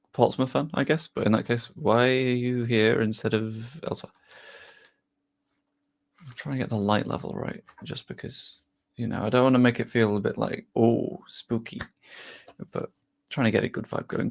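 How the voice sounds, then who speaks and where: With a mid-range, creaky voice, a young streamer warms up for a football match by chatting with viewers. He reads their messages aloud and keeps things self-deprecating and chatty.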